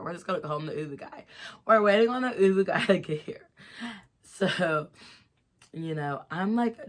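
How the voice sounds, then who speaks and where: A young woman telling a story to her viewers in a chatty, giggly way, a little tipsy and stuffy-nosed. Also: low voice. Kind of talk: casual storytime vlog.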